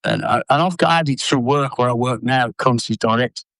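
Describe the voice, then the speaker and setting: An older former footballer telling blunt, sweary stories in an interview. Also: male voice, mid-range voice, normal speed, creaky, no echo, low-quality recording. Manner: blunt, sweary, animated anecdotes. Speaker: former footballer and manager, guest. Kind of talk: casual storytelling interview.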